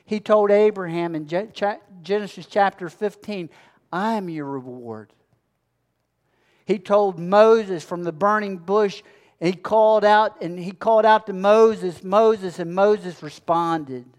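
A male pastor delivering a sermon in a fairly high, smooth and resonant voice. He builds momentum through a chain of repeated phrases, pressing each line home with preaching cadence. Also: steady tone, unhurried, darkish tone.

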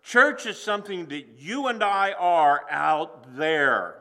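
A man preaching a sermon to a congregation in a church, earnest and slowing down for emphasis. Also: on the high side, animated, sharp tone. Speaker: pastor. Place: church sanctuary.

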